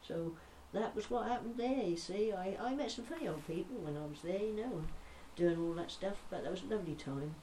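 A woman's voice: mid-range voice, brisk, hardly any pauses, dark tone, recorded from a distance, slight background noise, natural voice. A woman voicing a chatty old Norfolk countrywoman with a broad rustic accent, spinning jokey yarns. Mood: jolly yarning.

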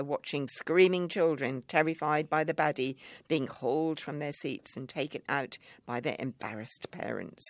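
A storyteller reads a memoir aloud with wry, measured delivery. The voice sits at a middle pitch. The recording is close and dry, with no room sound. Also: no echo.

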